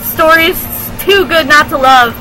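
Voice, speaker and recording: A woman reacting to game cutscenes, gushing with excited exclamations. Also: high-pitched, measured pace, a faint crowd. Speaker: video game reaction channel host. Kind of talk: casual reaction commentary. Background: game music.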